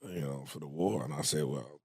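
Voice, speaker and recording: A man, a comedian guest, telling stories in a laid-back, deadpan way during a casual chat. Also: very deep voice, a little fast, breathy edge, no room sound, studio quality.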